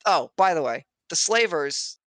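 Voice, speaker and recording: A man's voice: a little high, animated, measured pace, a bit bright, dry recording. Man, podcast host, casual recap, swears a lot, laughs often, dry sound. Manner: profane, laughs often, loose rambling retelling. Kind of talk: casual chat recapping an anime episode.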